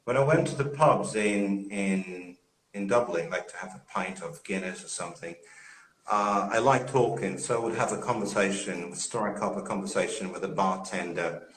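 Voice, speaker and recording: A Brazilian man whose first language is Portuguese, a guest English teacher speaking casually on a live video call and telling lively stories with frequent chuckles. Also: low voice, moderate pace. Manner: lively storyteller, chuckles often. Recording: roomy echo.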